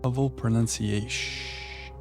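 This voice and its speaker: Guy streaming a puzzle game, gravelly voice, joking with chat and thinking out loud, soft music underneath. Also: medium pitch, steady tone, slow pace. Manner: playful, chatting to viewers while musing aloud. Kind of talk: live gameplay commentary.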